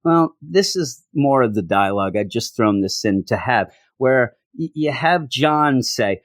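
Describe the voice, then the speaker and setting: A man's voice: mid-range voice, expressive, a little slow, hardly any pauses, no echo, studio quality. A man casually reviewing a comic book, sarcastic, reading out lines in mocking voices.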